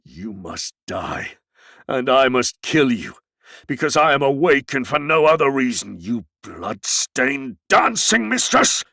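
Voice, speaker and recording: A man's voice: mid-range voice, sing-song, a little slow, vocal fry, bright, forceful tone, no room sound, clean studio sound, full character voice. A man reading aloud, voicing a grim, half-mad man who speaks in an awful, choked voice. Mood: menacing.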